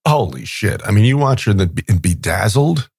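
A deep, gravelly man talking in a relaxed, profane podcast chat. His voice is rough and husky and swings widely in pitch, with a dry, close sound. He is middle-aged and animated. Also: no echo. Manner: profane, animated, drawn-out asides. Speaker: podcast co-host. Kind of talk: casual chat.

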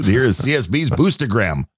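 A man hosting a podcast, chatting loosely and cracking jokes between listener shout-outs. His pitch moves around a lot as he talks, and the sound is dry and close. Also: very animated, unhurried, breathy edge, no echo. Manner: joking, rambling, laid-back. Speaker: podcast co-host. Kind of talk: casual podcast chat reading listener support.

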